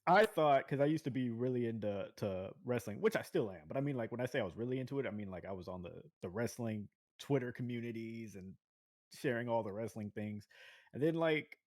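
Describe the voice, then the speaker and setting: A man in his thirties chatting casually on a podcast, relaxed and quick to laugh. His voice sits at an ordinary middle pitch, and he tells stories in a loose, rambling way. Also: no echo. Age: 30s. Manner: laid-back, laughing, rambling storyteller. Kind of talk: casual chat.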